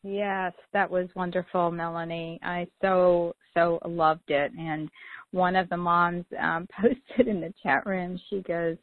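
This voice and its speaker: A woman's voice: fairly low pitch, fairly even intonation, slow pace, no echo. A middle-aged woman hosting a casual chat, telling anecdotes and laughing often. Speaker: host. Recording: tinny phone-like line, dry.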